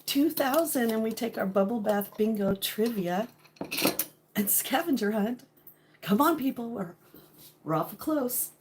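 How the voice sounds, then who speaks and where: A woman's voice: fairly high pitch, lively intonation, a little slow, pauses often, slight background noise. Chatty middle-aged woman hosting a livestream. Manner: chatty, laughs often, drops to hushed talk at times. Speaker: livestream host. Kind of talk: casual livestream chat with viewers.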